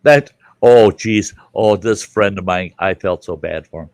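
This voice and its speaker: A man's voice: fairly low pitch, a little slow, a little mellow, no room sound. A man hosting a casual campfire chat, telling stories in a boisterous, profane way. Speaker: host.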